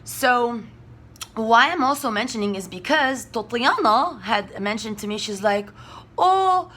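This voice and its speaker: A woman's voice: on the high side, measured pace, a bit bright. A woman from Russia, talking in a rambling, emphatic and profane monologue. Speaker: spiritual vlogger.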